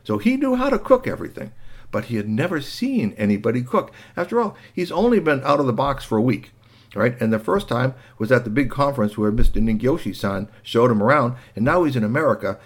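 Husky, lively man telling a kids' story. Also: medium pitch, fairly quick. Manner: animated, with sound effects and asides. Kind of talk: children's story narration.

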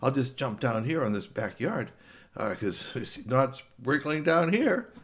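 A man's voice: mid-range voice, very animated, a little slow. A man voicing a curious little house cat who mutters to itself in a told children's story. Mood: musing. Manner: chatty, musing to itself.

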